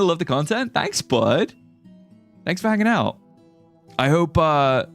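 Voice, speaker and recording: There's no echo on this clip of a young man streaming gameplay in a medium-pitched voice. Chatty and prone to rambling, he jokes and reads viewer messages aloud.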